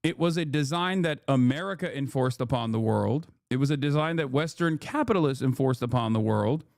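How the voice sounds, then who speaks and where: A man's voice: medium pitch, brisk, creaky, a little mellow, no room sound, studio quality. A man streaming his reactions to a news clip, swearing and sarcastic, slipping into mocking voices when he quotes others. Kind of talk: casual political commentary.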